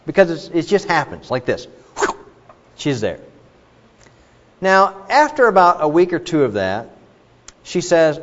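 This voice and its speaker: A man's voice: fairly high pitch, sing-song, unhurried, long pauses. Middle-aged male pastor preaching in a hall. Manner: earnest, with many fillers and illustrations. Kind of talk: sermon. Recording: dull reverberant hall recording.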